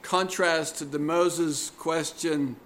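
A man delivers a sermon at an unhurried, measured pace, letting each phrase land. His voice sits a little higher than most men's. He speaks earnestly and leans on the words he wants remembered. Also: steady tone, a bit bright, a little hiss or hum. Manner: slow, deliberate and earnest, pressing key words. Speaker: preacher.

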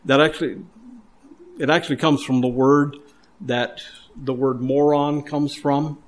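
A man's voice: on the high side, fairly even intonation, unhurried. A man preaching a sermon with earnest emphasis, often repeating words and restarting his phrases. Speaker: pastor.

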